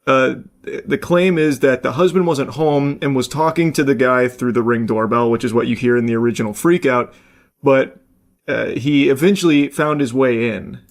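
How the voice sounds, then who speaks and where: A man's voice: medium pitch, moderate pace. A man hosting a casual reaction commentary, rambling along with jokey asides and casual swearing. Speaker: host.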